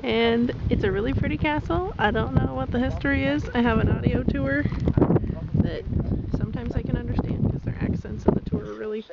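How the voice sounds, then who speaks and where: A woman's voice: fairly high pitch, a little fast, vocal fry. Chatty giggly woman vlogging. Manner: chatty and giggly, talks to her dog. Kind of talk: casual vlog talking to camera. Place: indoors then outdoors in heavy rain. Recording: muffled with background noise.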